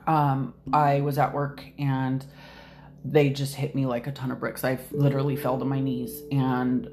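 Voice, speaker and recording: A woman's voice: a bass voice, level tone, normal speed, slight background noise. A woman guest on a podcast telling a personal story candidly, hesitant and restarting often. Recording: soft music behind.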